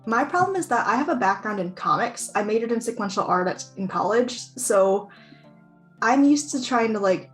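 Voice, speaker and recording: A woman's voice: on the high side, expressive, moderate pace, faint music behind. Woman player, thoughtful, self-deprecating, casual. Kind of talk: casual chat about tabletop gaming.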